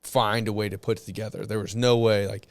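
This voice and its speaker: Low, smooth-voiced man, dry close sound. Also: brisk, no room sound. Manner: relaxed, reflective, heavy use of "like". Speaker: podcast guest, narcotics detective. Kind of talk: casual conversational interview.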